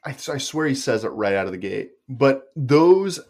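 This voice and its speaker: A young adult man co-hosting a podcast in loose, casual chat. His voice sits at a middle pitch, and he sounds wry and teasing. He delivers firm opinions with dry humor. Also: big pitch swings, moderate pace, a little mellow. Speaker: podcast co-host.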